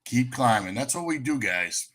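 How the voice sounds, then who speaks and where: A man's voice: medium pitch, animated, moderate pace, a bit bright. A man with an American accent co-hosting a casual live stream, bantering playfully. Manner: laughs easily, playful banter. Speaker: co-host of a live research stream.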